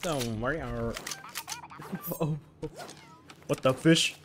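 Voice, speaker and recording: A woman's voice: a bass voice, slow, background noise. A woman streaming a game, giggly and hyper, chatting playfully with her teammates. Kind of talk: casual gaming stream chat.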